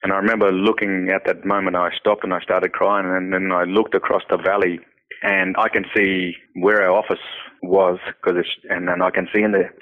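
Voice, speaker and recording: Man, very low monotone voice, earnest storyteller, tinny phone-line sound. Interview guest. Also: normal speed. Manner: earnest, repeats words, many "you know" fillers. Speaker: nonprofit founder, interview guest. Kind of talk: personal storytelling in conversation.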